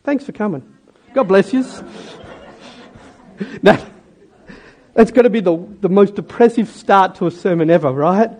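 A man's voice: high-pitched, measured pace, long pauses, darkish tone. A man preaching a sermon in a jokey, conversational way and talking directly to his congregation. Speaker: pastor.

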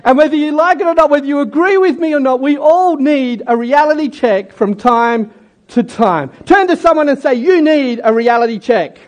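A man's voice: extremely high pitch, moderate pace. A man preaching a sermon in a jokey, conversational way and talking directly to his congregation. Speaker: pastor.

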